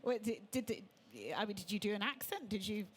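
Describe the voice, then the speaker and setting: A woman with an everyday middle pitch, leading a stage interview at a show. She asks measured, thoughtful questions in an even, attentive way. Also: slightly rough.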